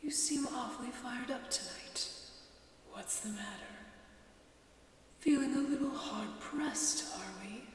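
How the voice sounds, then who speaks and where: A woman's voice: fairly high pitch, expressive, a little slow, fairly bright tone, slight background noise. A woman voicing a bored, cruel shadow spirit in a taunting whisper, as whispered role-play, in an echoey, distant recording.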